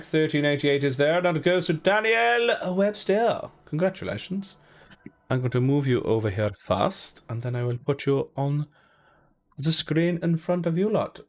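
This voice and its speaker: A man's voice: mid-range voice, lively intonation, normal speed. A young man casually hosting a giveaway live stream, chatting playfully, cracking jokes and counting down. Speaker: giveaway live draw host.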